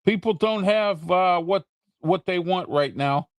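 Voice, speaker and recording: A man hosts his own opinion show in a fairly high, insistent voice. He talks heatedly, goes back over the same points and keeps asking "okay?" The sound is dry and close to the mic. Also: unhurried, no echo. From United States. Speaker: talk show host. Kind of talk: opinion talk show monologue.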